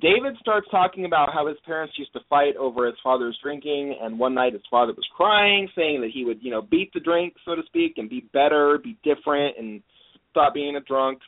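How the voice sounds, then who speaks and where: A man's voice: on the high side, big pitch swings, brisk. Man recapping over a tinny line. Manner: rambling, lots of "you know" fillers. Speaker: podcast host. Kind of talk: casual episode recap.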